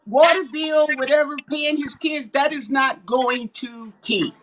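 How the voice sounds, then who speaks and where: A woman's voice: high voice, unhurried, slight background noise, rough recording. A woman, talking animatedly and emphatically on a casual livestream. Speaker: livestream co-host.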